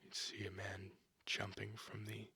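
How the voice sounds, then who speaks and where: Soft-spoken asmr guy reading a comic, slow and hushed, lots of ums, bright tone. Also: lowish voice, completely flat delivery, gravelly, husky, no room sound. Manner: slow, hushed, with many fillers. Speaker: comic reader. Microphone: binaural microphone.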